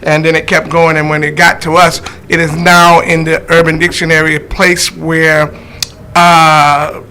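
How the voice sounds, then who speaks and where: A man's voice: on the high side, flat delivery, unhurried, sharp tone, slight background noise. A man guesting on a talk show as a comedian, joking and telling stories with wry asides. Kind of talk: casual talk show chat. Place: church basement studio.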